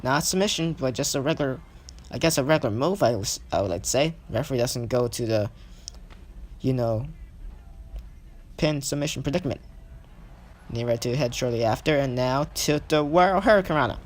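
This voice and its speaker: A man's voice: medium pitch, animated, a little fast, pauses often. A young man giving casual, self-correcting play-by-play commentary over his own game footage. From not British. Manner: hesitant, self-correcting, thinks aloud.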